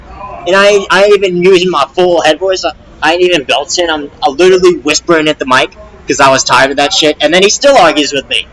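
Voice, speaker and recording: Young man, slightly high voice, agitated, rambling, many restarts, swearing, casual stream rant. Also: a bit bright, low-quality recording. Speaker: rapper and streamer. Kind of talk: casual live-stream venting.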